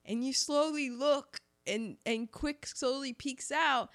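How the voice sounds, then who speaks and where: A woman chatting casually about a film, animated and often laughing as she retells favorite scenes, with many excited restarts. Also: sits high, takes it slowly.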